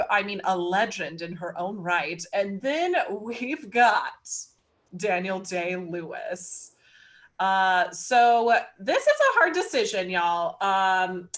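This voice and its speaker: A woman's voice: medium pitch, a bit bright. A woman hosting a casual video-call chat, playful and drawn out like a game-show announcer. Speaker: host.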